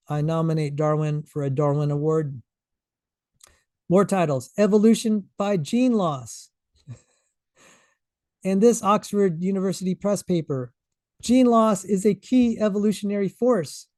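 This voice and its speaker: A man's voice: high-pitched, mellow, no room sound. A man giving a conference lecture, reading out paper titles and repeating key phrases for emphasis. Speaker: conference presenter. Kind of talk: lecture presentation. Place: conference hall stage.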